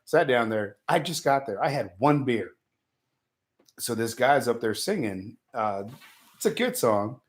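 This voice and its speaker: A man's voice: medium pitch, sing-song, unhurried. A man on a radio show telling a bar story, laughing often and acting out the people in it. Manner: laughs through his stories, acts out the people in them. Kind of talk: casual storytelling.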